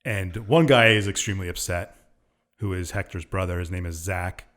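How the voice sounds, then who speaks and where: A man with a somewhat low voice co-hosts a casual podcast. He recaps a game plot in a loose, rambling way, stopping often on fillers as he searches for words. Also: normal speed, a bit bright. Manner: rambling, hesitant with many uhs. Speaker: podcast co-host.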